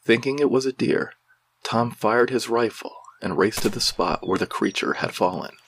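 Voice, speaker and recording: A man narrating a regional ghost legend in a measured, somber storytelling style. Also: medium pitch, slightly rough.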